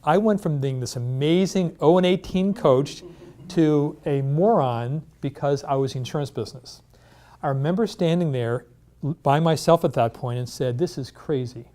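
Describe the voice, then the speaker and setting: A man leading a workshop presentation in a meeting room, energetic, asking rhetorical questions and telling stories. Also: on the high side, normal speed. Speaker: insurance industry trainer.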